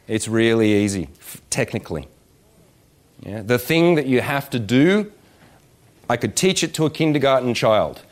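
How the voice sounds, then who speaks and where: At a workshop in an indoor event room with about 160 people, a male dating coach gives a live seminar talk at a moderate pace in a middle-pitched voice. He's profane, animated and joking, slipping into voices to act out scenes.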